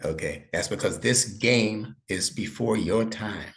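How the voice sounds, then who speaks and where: A man's voice: on the low side, a little slow, gravelly, a bit bright. A middle-aged man tutoring a young student one-on-one, explaining patiently step by step and checking that he is understood. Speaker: Arabic instructor and imam.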